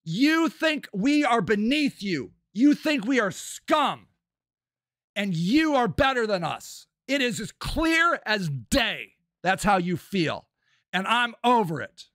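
A man hosting a podcast, delivering an impassioned, profane political rant that swings between shouting and low muttering. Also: very animated, slow, no room sound, clean studio sound. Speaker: podcast host.

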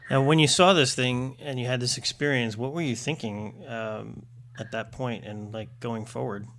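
A man's voice: medium pitch, steady tone, moderate pace, fairly bright tone, a little hiss or hum. A man hosting a radio interview, asking short, enthusiastic questions. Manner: brief, enthusiastic reactions and questions. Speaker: radio show host.

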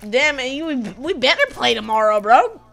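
A woman's voice: high-pitched, normal speed, creaky, faint music behind. A young woman streaming a video game live, swearing freely and laughing a lot as she talks. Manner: profane, excitable, laughs often. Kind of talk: live gaming commentary.

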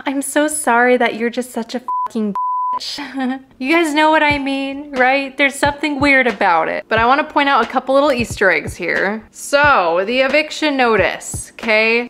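A young woman in her twenties chatting excitedly in a casual vlog about her own videos. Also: a little high.

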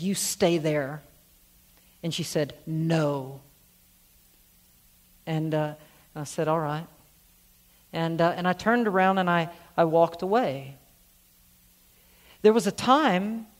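A man, a senior pastor preaching a sermon and telling a story, who repeats words as he restarts. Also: sits high.

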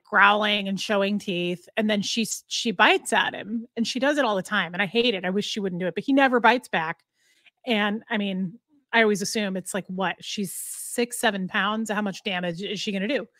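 A woman hosting a casual livestream chat, telling stories in a chatty way and cooing softly to her dog at home. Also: mid-range voice, normal speed, dry recording, studio quality. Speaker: livestream host.

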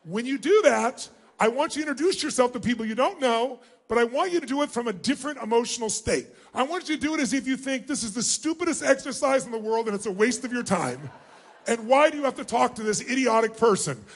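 High-pitched, energetic male seminar speaker. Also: fast, breathy edge. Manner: energetic, commanding, calls for shouted answers. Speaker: motivational speaker leading a large audience exercise. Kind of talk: live seminar talk to a huge crowd. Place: large arena.

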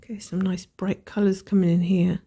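A woman's voice: on the low side, level tone, normal speed, mellow, husky. A woman with a Scottish accent hosting a casual stitch-along chat, thinking aloud and weighing her options. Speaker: host of a cross-stitch channel.

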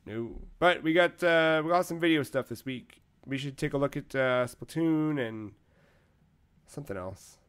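A man's voice: fairly high pitch, measured pace, fairly bright tone, clear, resonant tone. Laid-back man hosting a podcast. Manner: laid-back, swears casually. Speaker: podcast host. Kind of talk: casual podcast chat.

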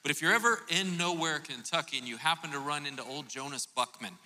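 Man preaching, very bright voice, higher pitch, long hall reverb, animated storyteller. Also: brisk. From Florida. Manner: animated storytelling, jokey asides. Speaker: pastor. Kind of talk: sermon story. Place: church auditorium.

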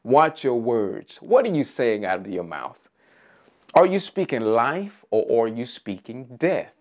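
A man's voice: medium pitch, sing-song, a little slow, darkish tone. A man preaching an Easter sermon, emphatic, with rising repeated phrases and frequent "uh" fillers.

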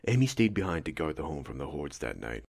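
A man giving steady, scripted audiobook narration. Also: a bass voice, fast talker, vocal fry, husky. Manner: steady storytelling.

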